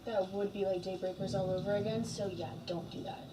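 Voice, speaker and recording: A woman's voice: medium pitch, steady tone, fairly quick, warm tone, natural voice. An actress in a student film plays a curious young woman who teases and pries. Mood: teasing. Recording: distant, noisy film audio.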